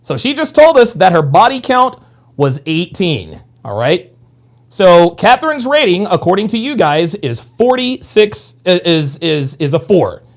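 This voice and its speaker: A man hosting a reaction video, commenting on a podcast clip in a crude, animated way with fast bursts of talk. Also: high-pitched.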